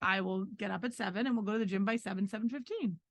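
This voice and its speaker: A woman's voice: medium pitch, fast talker, no echo, lo-fi sound. A middle-aged woman co-hosting a podcast in casual chat with her husband, firm and matter-of-fact as she holds her ground. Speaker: podcast co-host.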